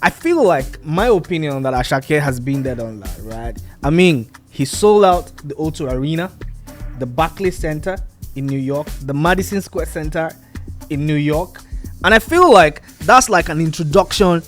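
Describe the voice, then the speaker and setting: Lively Nigerian man asking long questions. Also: a little high, moderate pace, soft background music. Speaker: podcast co-host. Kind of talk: casual discussion.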